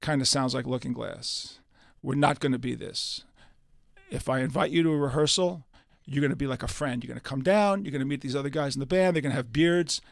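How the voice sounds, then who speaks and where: Brisk and gravelly, with a medium-pitched voice and no echo, an older guest musician tells stories during a radio studio interview. He's an animated storyteller who acts out the dialogue as he quotes it.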